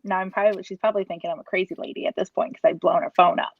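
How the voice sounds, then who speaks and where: A woman's voice: lowish voice, steady tone, very fast, no echo. Earnest woman in her thirties sharing a personal story over a video call; dry, dull lo-fi audio. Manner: earnest, rambling with restarts and quoted inner thoughts. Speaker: parent giving a testimonial. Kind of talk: emotional personal story, casual.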